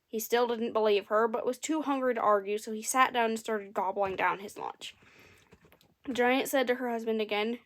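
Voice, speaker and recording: A woman's voice: on the high side, steady tone, moderate pace. A woman reading a fairy tale aloud and adding dry, amused comments between passages. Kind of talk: comedic story reading with wry asides.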